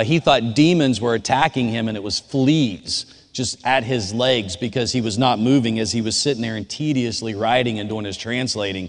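A man giving a relaxed, conversational sermon. He tells personal stories and talks directly to his audience. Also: medium pitch. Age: adult. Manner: informal, storytelling, speaks directly to the audience. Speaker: chapel speaker. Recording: long hall reverb.

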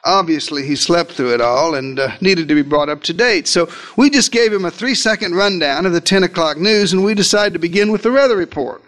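A man's voice: brisk, hardly any pauses, fairly bright tone. A man preaching a theatrical sermon, retelling a story as if he were there and speaking directly to his listeners. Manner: theatrical, shifts pitch and pace for emphasis. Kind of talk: dramatic first-person sermon storytelling.

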